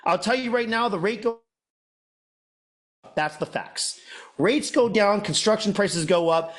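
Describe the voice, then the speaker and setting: A man hosting a masterclass, mixing an emphatic sales pitch with sermon-like preaching, repeating phrases for effect and mimicking doubters. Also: measured pace, a bit bright. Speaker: host, off-grid masterclass presenter.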